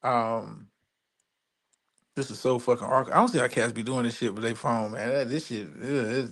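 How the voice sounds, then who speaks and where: A man's voice: medium pitch, fairly even intonation, moderate pace, a bit bright. A tired man hosting a live stream and signing off from his phone. He rambles casually and swears freely. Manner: profane, loose, rambling. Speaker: stream host.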